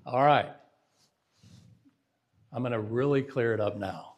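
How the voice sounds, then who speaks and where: A male preacher teaches Bible syntax in an emphatic, sermon-style lesson, often putting rhetorical questions to the audience. His voice is mid-range and his pace measured, and the audio sounds dull.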